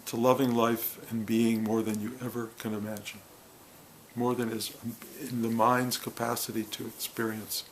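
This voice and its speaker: A man speaking as a spiritual teacher to a gathering, earnest and heartfelt, in short halting phrases. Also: medium pitch, little pitch movement, a little hiss or hum, rough recording. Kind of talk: reflective spiritual talk to a gathering.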